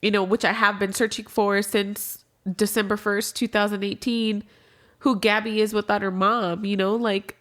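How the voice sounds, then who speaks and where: A woman's voice: medium pitch, flat delivery, moderate pace, fairly bright tone. A young adult woman as a podcast guest, talking candidly and casually about grief, swearing freely and trailing off into restarts.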